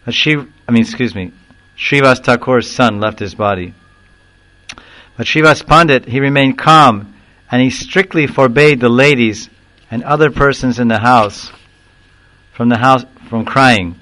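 A man giving a devotional discourse, explaining verses and telling a story in an animated way, now and then acting out the people in it. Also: medium pitch, low-quality recording. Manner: animated storyteller who acts out quoted voices and chuckles; recites Sanskrit verse slowly, then explains it. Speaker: spiritual teacher.

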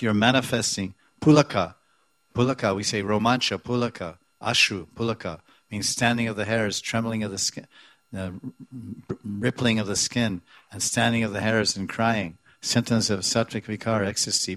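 A man's voice: lowish voice, a bit bright, no room sound. A man giving a devotional scripture class who repeats words and chants verses, then explains them. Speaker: spiritual teacher.

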